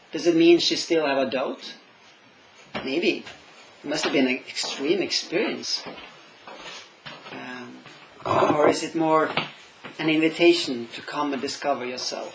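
A man with a slightly high, gravelly voice preaches a sermon in English, which is not his first language. He talks thoughtfully, stops to search for words and asks his listeners questions. A faint room ambience sits behind him. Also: unhurried, long pauses, noisy background.

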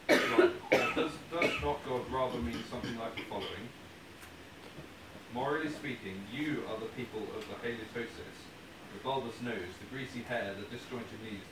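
A man reading a passage aloud to a congregation with theatrical, amused delivery. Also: mid-range voice. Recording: distant echoey room mic with noise.

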